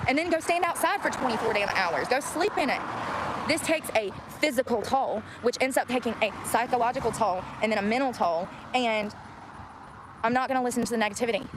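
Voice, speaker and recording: A woman's voice: fairly high pitch, brisk. A young woman vlogging outdoors, venting at viewers in a blunt, profane rant. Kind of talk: venting to the camera. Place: outdoors by a road. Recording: clear outdoor traffic noise.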